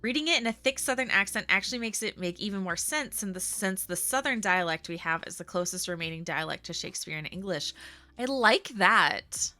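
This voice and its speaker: A woman's voice: mid-range voice, expressive, brisk, bright, forceful tone, faint music behind. A woman streaming a casual, rambling chat who laughs often and trails off mid-thought.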